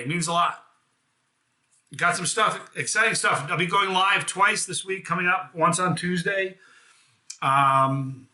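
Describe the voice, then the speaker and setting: A man's voice: fairly high pitch, pushed and bright, roomy sound. A man from the United States hosting a casual live hot sauce review, chatty and enthusiastic, with self-deprecating jokes.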